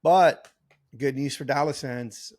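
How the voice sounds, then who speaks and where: A man's voice: mid-range voice, takes it slowly, darkish tone, slight background noise. A man co-hosting a podcast in casual chat, rambling with fillers and restarts. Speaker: podcast co-host.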